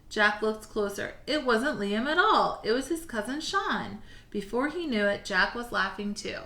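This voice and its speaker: Teacher read-aloud: woman, encouraging and clear, bright tone, echoey room. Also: a little high, expressive. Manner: clear, encouraging, slightly halting when speaking freely. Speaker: elementary school teacher. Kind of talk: reading a storybook aloud and giving assignments. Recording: roomy echo.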